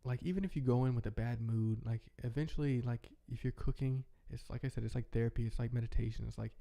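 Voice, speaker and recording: A man's voice: mid-range voice, quick pace, vocal fry, warm tone. A young man talking in a rambling, heartfelt way, chatting casually as a podcast host. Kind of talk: casual reflective chat.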